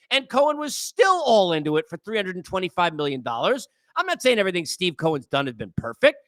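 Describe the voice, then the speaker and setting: Exasperated high-voiced sports talk man. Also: sharp tone, dry recording. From New York area. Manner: exasperated, lecturing, repeats phrases. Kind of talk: solo sports rant.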